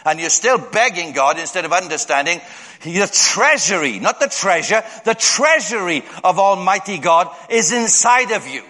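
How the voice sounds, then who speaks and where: A man preaching a sermon in a church hall, telling stories and jumping up high to act out other people's voices. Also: very animated, moderate pace, sharp tone. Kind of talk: storytelling sermon. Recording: long hall reverb.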